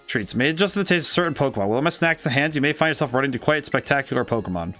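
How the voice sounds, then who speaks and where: A man's voice: medium pitch, animated, very fast, bright, forceful tone, soft background music. A man with a dry, cracking throat reading the lines of a folksy old man who hands out snacks, full of homespun, old-fashioned sayings.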